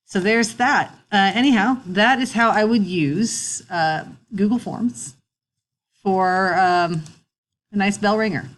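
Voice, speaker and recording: A middle-aged woman teacher, recording a relaxed, chatty screen tutorial with wry asides, talking into a computer mic. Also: medium pitch, takes it slowly.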